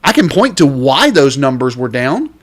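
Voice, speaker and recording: A man hosting a real estate podcast, ranting in an exasperated, emphatic way and drawing out the words he wants to stress. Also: mid-range voice. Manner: lively, drawn-out stresses on key words. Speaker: realtor and podcast host. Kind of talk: podcast rant.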